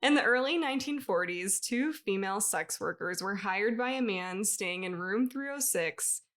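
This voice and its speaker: A woman's voice: mid-range voice, expressive, normal speed, a bit bright. A woman co-hosting a podcast, reading a ghost story in a loose, chatty way and often breaking into laughter. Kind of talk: casual podcast chat, reading a written story.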